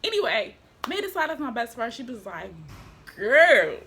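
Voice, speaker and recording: A young woman vlogs casually from home in a fairly high voice with big pitch swings, talking fast. Her slangy, chatty manner turns emotional at times, and now and then she grows quietly tearful.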